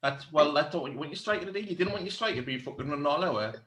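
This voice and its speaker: Co-host, fairly high voice, brash and sweary, ranting with mates. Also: male voice, expressive, very fast, a bit bright. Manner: brash, swearing, laughing rants. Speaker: podcast co-host. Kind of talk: casual banter.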